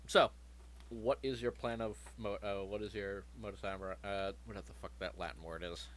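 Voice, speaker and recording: A man's voice: lowish voice, fairly even intonation, a little fast, a bit bright, a little hiss or hum. A man running a tabletop game as game master, joking and swearing freely.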